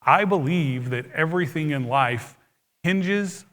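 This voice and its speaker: Guy preaching, kinda high bright voice, chatty explaining, big echoey church. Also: expressive, takes it slowly. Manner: conversational, explaining scripture plainly. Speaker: pastor. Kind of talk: sermon. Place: church sanctuary.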